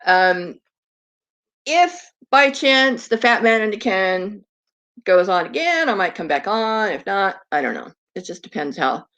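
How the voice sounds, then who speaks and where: A woman's voice: medium pitch, very animated, measured pace, fairly bright tone. A woman hosting a casual live stream in a chatty, rambling way, slipping into baby talk with her dog.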